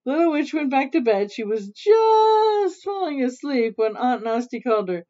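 Woman, storybook reader, gentle asides to kids; slightly muffled home recording. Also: high voice, sing-song, normal speed. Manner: gentle, teaching asides to children. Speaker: parent reading aloud. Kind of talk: reading a picture book aloud.

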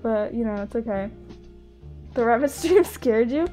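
On a casual live stream, a young West Coast woman chats with her viewers, giggling and laughing often. She has a fairly high, dark voice with lively intonation at a moderate pace, backed by faint music.

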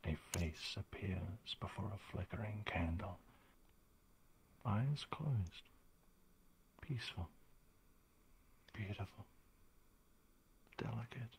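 An actor playing a solemn male game narrator, speaking slowly in a hushed voice that often drops to a whisper. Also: fairly low pitch, a little hiss or hum. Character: solemn adult male storyteller guiding the players.

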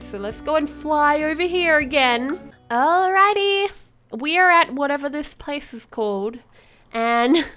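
A woman with a high, swooping voice hosts a let's play and talks through the game. She is excitable, gasps often, and calls out in wonder at what she finds, all at an unhurried pace. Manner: excitable, gasping, exclaiming in wonder. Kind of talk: gameplay commentary.

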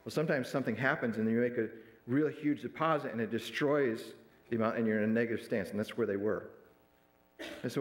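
A man's voice: medium pitch, fast, reverberant, low-quality recording. A man preaching a sermon, retelling a counseling story and acting out the lines of the people in it. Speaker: pastor. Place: church sanctuary.

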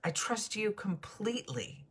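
A woman's voice: medium pitch, sing-song, a little slow, husky, voice pushed up. A woman voicing a frightened man hanging from a cliff, pleading and crying out for help. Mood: desperate.

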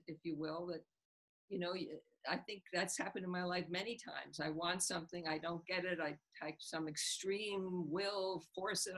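A woman's voice: lowish voice, poor audio. A woman author being interviewed, retelling a scene from a book and acting out its characters' lines. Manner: animated storyteller, acts out the characters' lines with a laugh.

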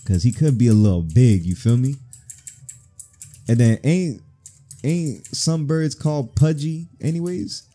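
A man's voice: mid-range voice, a little slow, pauses often, mellow. A man giving joking, slangy, profane let's-play commentary as a gaming channel host. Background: faint game music.

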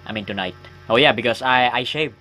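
A man's voice: medium pitch, a little fast, loud music behind the voice. A man rambling casually while playing a horror game, joking at himself and yelping at scares. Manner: chatty, self-mocking, bursts into yelps at scares. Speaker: gaming YouTuber. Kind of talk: rambling let's-play chat.

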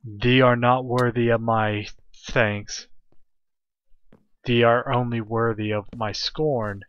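Man doing a scornful talking gem, loud mock-archaic lines, lo-fi sound. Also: medium pitch, steady tone, slow pace, no echo, natural voice. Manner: loud, mock-grand old-fashioned speech. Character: haughty scornful talking gemstone, archaic speech. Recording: dull lo-fi recording.

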